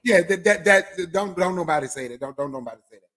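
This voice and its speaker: A man's voice: high-pitched, lively intonation, fast, a bit bright. A man speaking emphatically in a casual group chat, insisting on his point and repeating himself. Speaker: discussion participant.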